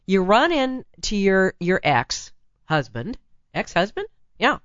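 Hoarse raspy woman radio host. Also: medium pitch, big pitch swings, slow, fairly bright tone, no room sound, highs cut off. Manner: chatty, blunt, teasing. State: hoarse from laryngitis. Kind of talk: talk radio advice monologue. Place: radio studio. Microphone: studio microphone.

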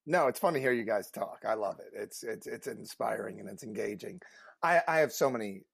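A low-pitched man speaks earnestly as a career coach on a casual panel show. He grows emphatic and animated when he tells stories. The sound is dry and close, with no room around it. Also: brisk, gravelly, breathy edge, dry recording.

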